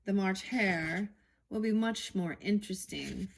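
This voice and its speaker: A woman's voice: mid-range voice, animated, measured pace, creaky, a little hiss or hum. A woman reading aloud the lines of a curious, polite young girl from a storybook.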